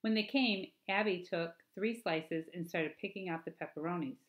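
A woman teacher reading a children's novel aloud to her class, expressive, with chatty asides to her listeners. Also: fairly low pitch, normal speed.

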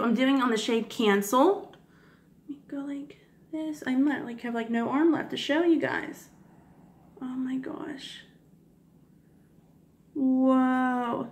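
A woman beauty vlogger swatching makeup for her viewers, gushing and giddy, often apologizing for her technique and dropping into soft whispers. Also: sits high. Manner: gushing, giddy, keeps addressing viewers as guys. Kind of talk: casual makeup swatch review.

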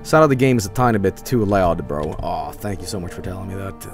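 A man's voice: low voice, expressive, quick pace. A tired man streaming a game, rambling casually and reading game text aloud. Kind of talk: casual gameplay commentary. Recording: game music underneath.

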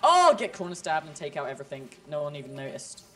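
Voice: medium pitch, sing-song, quick pace, fairly bright tone, faint music behind. A gamer chatting casually during play with a friend, playful and teasing, often laughing. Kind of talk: casual gameplay chat.

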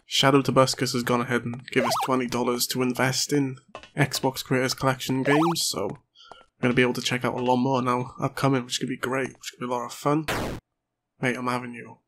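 A hoarse man giving excitable, chatty let's play commentary and swearing often. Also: medium pitch. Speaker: gaming channel host. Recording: noisy home recording.

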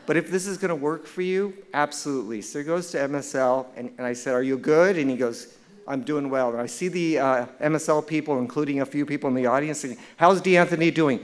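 A man's voice: fairly high pitch, fast. An older man presenting an award, telling a humorous story from the stage and acting out the dialogue with animation. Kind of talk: storytelling speech. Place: event stage before an audience.

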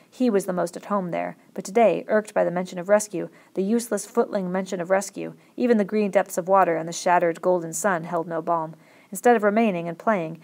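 A woman reading a novel aloud with steady, expressive storytelling. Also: lowish voice, vocal fry. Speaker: audiobook reader.

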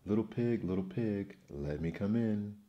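A man voicing the hungry big bad wolf with a low growl, as whispered role-play. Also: dull audio, full character voice. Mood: menacing. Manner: growling, drawn-out.

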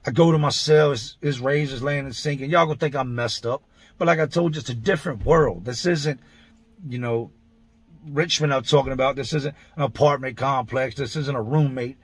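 In a medium-pitched, breathy voice, a man talks fairly fast with no echo, vlogging about his time behind bars. He tells it casually and bluntly, swearing and using street slang, vividly describing each event in sequence.

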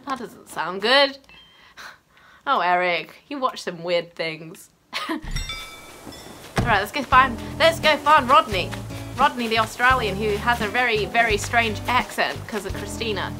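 A woman's voice: mid-range voice, lively intonation, measured pace. A woman hosting a let's play, chatting and giggling as she plays. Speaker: gaming channel host. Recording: game music behind.

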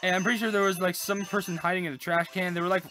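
A woman hosting a casual let's-play, chatty and excitable as she gushes over cute details. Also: lowish voice, racing, music in the background. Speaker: gaming channel host.

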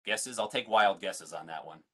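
A man's voice: lowish voice, normal speed, pushed and bright. A man, a museum science educator, leading an online family science lesson, playful and full of questions for his audience.

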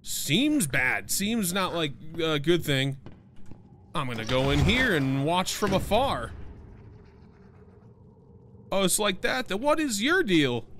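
A young man streaming a horror game, chatting casually, joking and swearing, with sudden excited yelps. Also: a little high, slow pace, pauses often, slight background noise. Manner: jokey, profane, prone to excited yelps. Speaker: gaming streamer. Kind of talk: casual let's-play commentary.

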